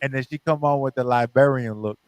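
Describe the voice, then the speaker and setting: A man co-hosting a radio show, asking questions in a halting, stammering way. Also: mid-range voice, crowd noise. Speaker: radio co-host. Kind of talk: casual radio interview. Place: radio studio.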